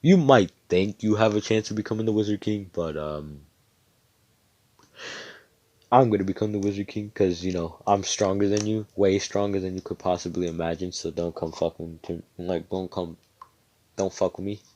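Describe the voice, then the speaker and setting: A man voicing a boastful, crude young male hero who swaggers and swears in a low voice, close to his own. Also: steady tone, a little fast, dark tone, close to an everyday voice.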